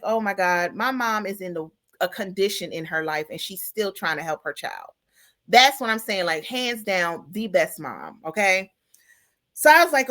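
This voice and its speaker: A woman in her forties hosts a casual talk show, telling her story. Her voice is bright and a bit high, and it swings up and down a lot as she talks to her listeners. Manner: animated storytelling, talks back to the audience with "y'all" and "girl". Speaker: podcast host. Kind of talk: casual chat.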